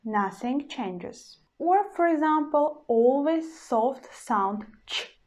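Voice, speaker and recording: A woman's voice: high-pitched, animated, slow. A woman teaching pronunciation, saying each example word three times in a patient, careful way. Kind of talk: slow, deliberate language lesson.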